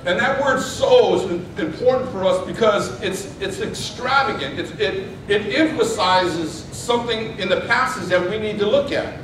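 Emphatic high-voiced preacher in an echoey hall. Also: male voice, moderate pace, hardly any pauses, distant mic, background noise. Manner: emphatic, repeats key words, asks the congregation to respond. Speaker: pastor. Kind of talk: sermon. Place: church sanctuary.

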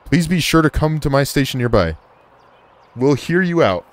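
A man's voice: on the high side, sing-song, normal speed, voice pushed up. A man reading aloud the lines of a polite, creepy male police officer from a horror game.

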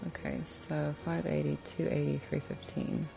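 Low gravelly woman streamer, cursing. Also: level tone, moderate pace. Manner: profane, chatty, greets viewers affectionately. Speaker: game streamer. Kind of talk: casual live-stream chat while gaming. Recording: clear game music underneath. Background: game music.

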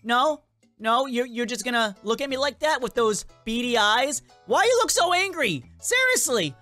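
A gaming channel host doing playful, animated let's-play commentary, joking with viewers and game characters. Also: mid-range voice, moderate pace, no room sound, faint music behind.

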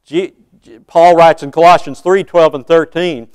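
A man's voice: on the high side, fairly even intonation, normal speed, a little mellow, clean tone, dry recording. A man in his sixties preaching a sermon in a church, earnest and putting questions to his congregation. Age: 60s.

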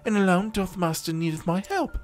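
A man voicing a young woman huntress who speaks in old-fashioned thee-and-thou English and talks gently to her animal. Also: sits high, animated, fairly quick, faint music behind, voice pushed up. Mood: earnest.

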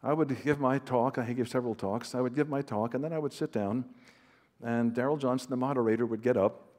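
A man gives an anecdotal teaching talk to a large audience in a hall. He speaks conversationally, with some fillers and restarts. He leans on personal stories and gentle self-deprecating humor. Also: mid-range voice, a little fast. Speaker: Christian author and counselor speaking at a conference.

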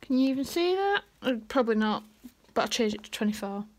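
A woman's voice: fairly high pitch, sing-song, quick pace. A young woman chatting in a casual home vlog, bubbly and rambling as she gushes over things. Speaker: vlogger. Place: family home, indoors.

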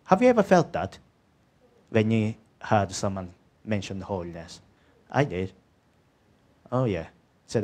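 A man's voice: lowish voice, big pitch swings, takes it slowly, pauses often, a little mellow. A man preaching a sermon in conversational, slightly non-native English, often checking in with the congregation. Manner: conversational, asks the congregation "isn't it?" and "yeah?"; second-language English with small grammar slips.

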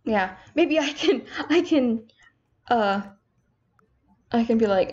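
A young woman's fairly high voice rambles through casual let's-play commentary, poking fun at herself as she plays. The sound is a little dull and lo-fi, like a home desk mic. Keyboard and mouse clicks tick along behind her. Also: expressive, takes it slowly, pauses often, a little mellow. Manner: chatty, self-mocking, talks to herself while playing. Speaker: gaming streamer. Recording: slightly dull lo-fi home recording.

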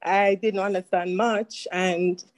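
A woman giving a halting, heartfelt spoken tribute at a church service. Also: medium pitch, fairly even intonation, rough recording. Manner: halting, heartfelt, with many restarts. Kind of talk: emotional spoken remembrance.

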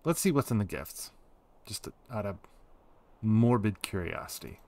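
A man's voice: lowish voice, expressive, a little slow, darkish tone. A man in his forties giving casual, rambling commentary while streaming a game. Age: 40s. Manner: rambling, digressive.

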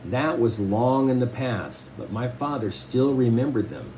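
A man reading a novel aloud and stopping to explain it in relaxed, plain asides. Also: mid-range voice, a little slow, slight background noise, poor audio.

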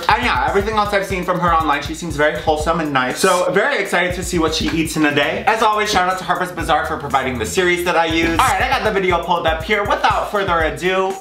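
A man's voice: sits high, reverberant. A young man vlogging in his home kitchen, joking and laughing at himself as he talks. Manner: self-mocking, joking asides and laughter. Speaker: food vlogger. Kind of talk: casual comedic vlog.

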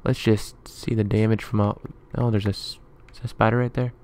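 A man's voice: on the low side, level tone, a little fast, a little mellow. A man giving rambling let's play commentary, muttering to himself as he plays. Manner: chatty, rambling running commentary; muttering to himself while building. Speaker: gaming YouTuber.

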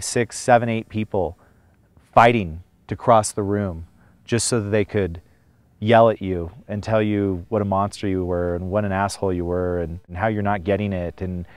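Clear-voiced man, dry close recording. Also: fairly low pitch, dry recording. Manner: emphatic, stresses strong words. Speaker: interviewee, former student. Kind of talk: documentary interview recollection.

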